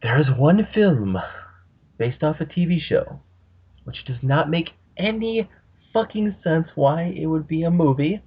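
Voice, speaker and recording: A man's voice: on the high side, lively intonation, measured pace, husky. A man hosting a casual podcast, rambling and swearing freely as he talks. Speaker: podcast host. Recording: muffled lo-fi audio.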